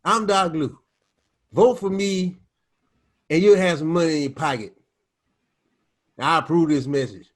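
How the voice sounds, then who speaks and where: A man doing an impression of a drunk presidential candidate, slurring and rambling through a campaign pitch. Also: a little slow, pauses often. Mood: boastful.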